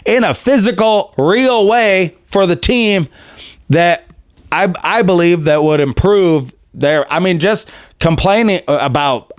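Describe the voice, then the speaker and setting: Candid, rambling male podcast host; smooth, slightly high voice, dry close sound. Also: no echo. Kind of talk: casual opinionated chat.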